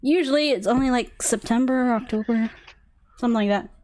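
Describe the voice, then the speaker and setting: High-voiced joking woman co-host. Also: fairly quick, slight background noise. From California. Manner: animated, joking, self-interrupting. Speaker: podcast co-host. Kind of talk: casual chat.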